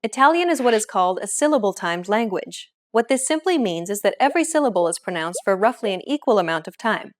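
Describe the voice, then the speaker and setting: A woman narrating a scripted pronunciation lesson as the teacher, clear and upbeat. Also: medium pitch, expressive, fast talker, hardly any pauses.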